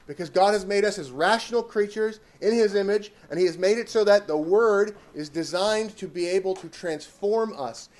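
A man's voice: sits high, darkish tone. A man teaching a catechism lesson. He talks emphatically, asks rhetorical questions and repeats his key words. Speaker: Bible teacher.

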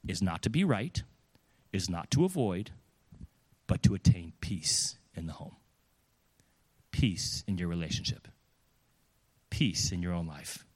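A man preaching a sermon, lively and conversational, acting out the voices of the people in his examples. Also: fairly low pitch. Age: adult with children. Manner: animated, acts out quoted voices.

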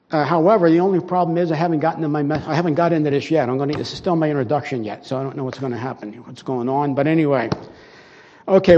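Older male preacher, high-voiced, rambling and chatty; muffled recording in a reverberant church hall. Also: warm tone. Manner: rambling, conversational, acts out little dialogues. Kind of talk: informal sermon. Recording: dull sound with long hall reverb.

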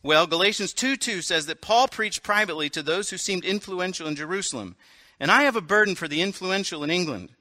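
A blunt, passionate aristocratic noblewoman, as a man puts her on while reading a story aloud, her lines raised and bright. She speaks with fervent, emphatic conviction. The sound is close and dry. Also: sits high, animated, brisk, no echo, pitched above the performer's own voice. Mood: determined.

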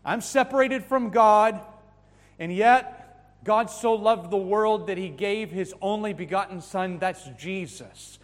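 A man preaches with insistent emphasis, his fairly high voice rising on key words and dropping to near hushes. The sermon rings out through a large hall with a long, lingering reverb. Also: takes it slowly. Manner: emphatic, swings from loud to hushed. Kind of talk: sermon to young people.

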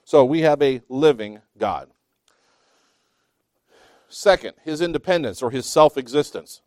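A man teaching a Bible class, reading scripture slowly with emphasis between chatty asides and small self-laughs. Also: medium pitch, lively intonation, a little mellow, dry recording, clean studio sound.

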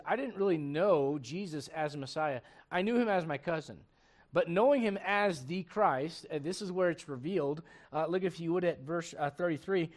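A man preaching a sermon as pastor, with animated, loud emphasis and scripture read aloud. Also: fairly high pitch.

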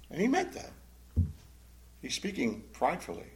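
A man teaching a Bible study in a conversational, animated style, acting out the quotes he reads. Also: fairly high pitch, moderate pace, gravelly.

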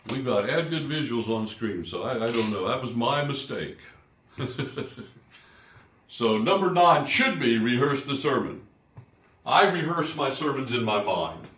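An older man, a pastor, teaching fellow preachers in an informal, animated way, poking fun at himself and swinging between loud and soft. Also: fairly low pitch, a little hiss or hum. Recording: roomy, distant from the mic.

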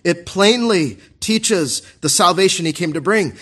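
A man preaching a sermon in an earnest way, asking the congregation questions and slowing down to stress quoted scripture. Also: fairly high pitch, sing-song, fairly bright tone, slightly rough. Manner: earnest, asks the congregation questions and answers them.

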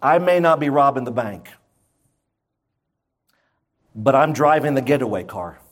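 A man's voice: medium pitch, lively intonation, measured pace. A man preaching a sermon to his church in an emphatic, conversational way, full of rhetorical questions. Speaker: pastor.

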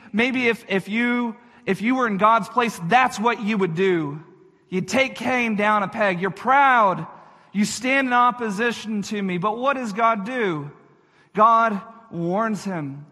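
Man pastor, earnest sermon, slow and deliberate, speaks right to the congregation, echoey hall. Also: high voice, pushed and bright. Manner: earnest, repeats phrases for emphasis, addresses listeners directly.

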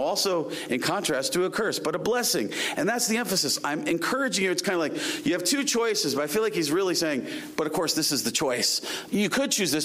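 A man preaching a sermon, reading scripture slowly and rising to emphatic urging. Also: on the high side, fairly bright tone. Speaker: pastor.

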